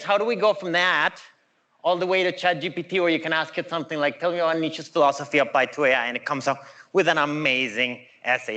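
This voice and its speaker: A middle-aged man giving a conversational, animated conference talk with playful asides. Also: fairly high pitch, dull audio. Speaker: conference speaker.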